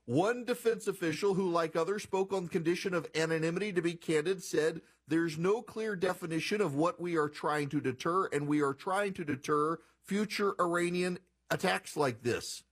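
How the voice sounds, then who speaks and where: A man's voice: fairly high pitch, moderate pace, hardly any pauses. A man hosting a political talk radio show, giving incredulous, sarcastic commentary and reading passages aloud.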